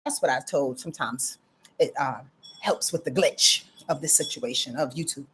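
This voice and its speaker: A middle-aged woman hosts an astrology livestream, chatting casually, greeting viewers by name, and ranting freely. Her voice is rumbling and low with a fairly bright tone, at a normal speed. There's slight background noise.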